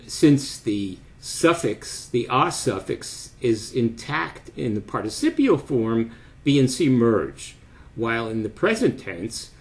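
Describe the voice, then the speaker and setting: An older man giving an academic lecture, speaking deliberately with frequent pauses and fillers. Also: mid-range voice, darkish tone.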